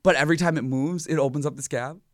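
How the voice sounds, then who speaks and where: A man's voice: fairly high pitch, fairly even intonation, quick pace, dry recording, clean studio sound. A young man from Minnesota, a podcast guest telling stories in a rambling, slangy way full of filler words. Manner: rambling, slangy, lots of "like" and "dude". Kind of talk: casual chat.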